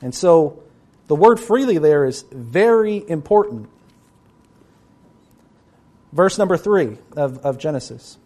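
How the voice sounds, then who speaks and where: A man's voice: on the high side, expressive, slow, pauses often, warm tone. A man preaching a sermon, emphatic and explanatory, reading scripture aloud in a stern voice.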